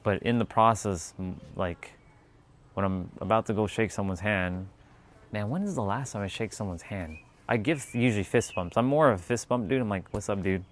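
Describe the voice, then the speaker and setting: A man's voice: fairly low pitch, moderate pace. A man chatting casually and reading out viewer comments, rambling with many fillers and laughing easily.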